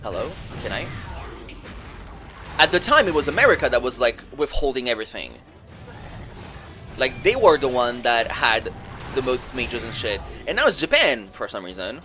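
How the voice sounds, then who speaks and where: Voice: medium pitch, very animated, normal speed, long pauses, bright, forceful tone, faint music behind. A streamer on a livestream, ranting heatedly and with plenty of swearing, rambling through fillers and restarts and mocking others with sarcastic quotes. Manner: heated, profane, indignant ranting. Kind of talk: livestream rant about competitive gaming.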